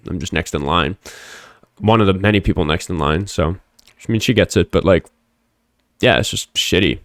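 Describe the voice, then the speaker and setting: A man's voice: deep voice, smooth, no echo, clean studio sound. A young man hosting a livestream show, rambling and swearing casually with lots of fillers. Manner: rambling, profane, frequent fillers. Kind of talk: casual livestream talk with callers.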